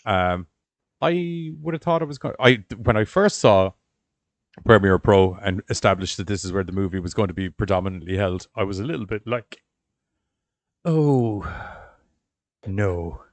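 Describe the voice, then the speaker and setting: A man with a low voice riffs sarcastically in a casual podcast group chat, swearing as he goes. The sound is dry and close, with no room around it. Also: moderate pace, no room sound. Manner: sarcastic, animated, swears freely. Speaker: podcast co-host and video editor.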